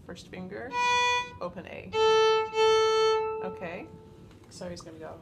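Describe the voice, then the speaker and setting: A woman teaching a violin lesson, patient and encouraging, explaining each step slowly. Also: on the low side, creaky, loud music behind the voice. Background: violin playing.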